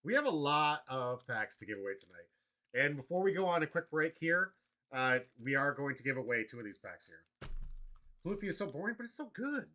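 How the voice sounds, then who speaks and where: A man hosting a casual card-game livestream, excitable and prone to loud mock rants. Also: medium pitch, moderate pace. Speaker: livestream host.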